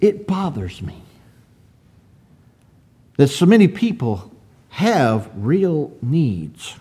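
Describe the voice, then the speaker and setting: Preaching at a slow, deliberate pace, this man reads antique-sounding scripture and asks his congregation rhetorical questions, his emphasis rising in swells. His voice sits on the high side, with big pitch swings, a dark tone and a breathy edge.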